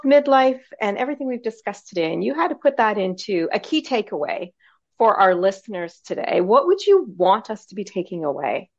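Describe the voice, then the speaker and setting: A woman's voice: medium pitch, dull audio. A woman co-hosting an interview, affirming and laughing often as she asks questions. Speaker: podcast co-host. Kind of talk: casual interview chat.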